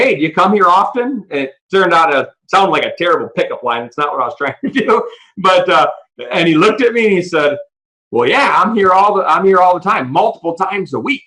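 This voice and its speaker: A man presenting a business opportunity on a call, excitedly telling stories and acting out the dialogue. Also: fairly high pitch, low-quality recording. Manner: excited storyteller, acts out quoted dialogue; talks fast, restarts sentences when fired up. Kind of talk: animated sales pitch on a call. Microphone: audio call.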